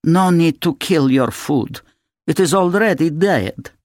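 A man's voice: high-pitched, animated, unhurried, no room sound, clean studio sound, voice pushed up. A man voicing a cool, contemptuous mother who talks down to everyone around her. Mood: scornful. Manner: contemptuous, haughty. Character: cool, scornful woman, a mother.

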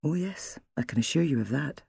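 A gentle young husband comforting his wife, as a woman narrator puts him on. He talks softly and reassuringly, a little lower and husky. The sound is dry and close. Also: expressive, brisk, no room sound, heavily acted. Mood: wry. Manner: soft, reassuring, wry.

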